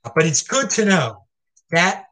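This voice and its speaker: A man's voice: fairly high pitch, very animated, a little slow, bright, forceful tone. A man hosting his own crypto show, ranting casually and emphatically, rambling with frequent repeats and tag questions. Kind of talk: casual opinion rant.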